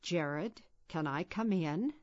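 A patient, caring mother from a storybook, voiced by a woman reading aloud, speaking softly and kindly. Her voice sits low and moves slowly. The recording has a dull, lo-fi sound. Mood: gentle. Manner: soft, calm and kind.

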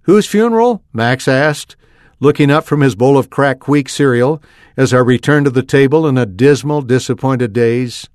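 A man reading a first-person story aloud with an expressive delivery. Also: medium pitch, moderate pace, no echo, clean studio sound. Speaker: reader.

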